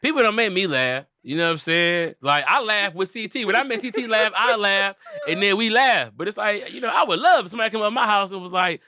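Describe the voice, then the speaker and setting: Man, high voice, very bright tone, dry close sound, comedian riffing, casual podcast talk. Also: quick pace, hardly any pauses, no room sound. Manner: animated, acts out bits in loud put-on voices.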